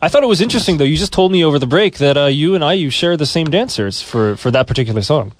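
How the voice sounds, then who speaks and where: A man's voice: on the high side, expressive, fast talker, no echo. A man co-hosting a radio show in the studio, chatting and teasing the host.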